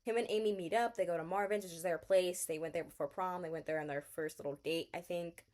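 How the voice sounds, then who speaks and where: Young woman, book vlogger, excitable gushing rant with a slightly low voice. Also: fast talker. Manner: excitable, gushing, laughs often. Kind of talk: ranting book recap.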